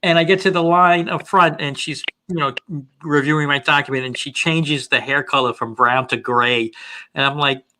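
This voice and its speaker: A man's voice: a little high, steady tone, normal speed, bright, forceful tone. A man from the United States in a casual video call chat, telling stories in a chatty way. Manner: chatty storyteller. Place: home in New York.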